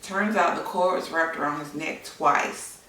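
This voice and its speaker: Woman telling her story, bright voice, chatty and candid, lots of ums, mic kinda far off in a roomy space. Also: low voice, a little slow, a little hiss or hum. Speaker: vlogger, new mother. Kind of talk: personal storytime. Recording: echoey room, mic at a distance.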